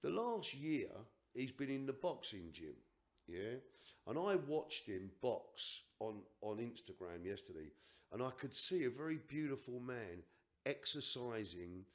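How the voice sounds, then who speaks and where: A man's voice: mid-range voice, very animated, unhurried. An older man on a podcast, telling a personal story in an emphatic, rambling way with restarts and asides. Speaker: podcast guest.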